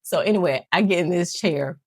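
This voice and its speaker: A woman's voice: fairly low pitch, brisk, darkish tone, dry recording. A woman vlogger telling a rambling, self-mocking story to camera, laughing often. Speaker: nail channel vlogger.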